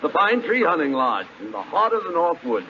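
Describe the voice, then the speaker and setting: A man's voice: fairly high pitch, very animated, moderate pace. A man playing an exasperated straight man in a 1940s radio comedy. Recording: muffled 1940s radio broadcast with hiss.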